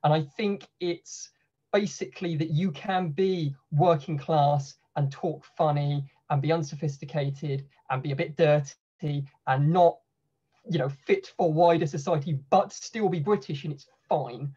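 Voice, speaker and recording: A man's voice: fairly high pitch, a little slow, dark tone, slightly rough. Male academic panelist, hesitant, restarts often; slightly dull video-call sound. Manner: hesitant, thinking aloud with restarts. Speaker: panelist at a book launch. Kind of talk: academic discussion.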